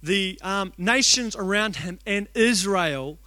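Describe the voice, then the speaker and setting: Excitable young New preacher, high voice. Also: male voice, dry recording. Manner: excitable, fast-talking, shouts out quoted lines. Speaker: youth pastor. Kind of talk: energetic sermon storytelling. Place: church hall.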